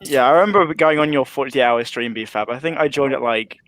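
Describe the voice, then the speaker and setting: A man's voice: medium pitch, a little fast, no echo. Laid-back guy on a group stream, rambly, lots of uh and um. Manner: relaxed, rambling with fillers. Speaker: livestream guest. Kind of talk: casual chat.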